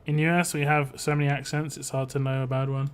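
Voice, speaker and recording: A man's voice: medium pitch, flat delivery, fast talker, clear, resonant tone. A man from the United Kingdom hosting a live game stream, chatting casually with viewers in a rambling, self-interrupting way. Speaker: live-stream gaming host. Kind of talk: casual chat while playing a game.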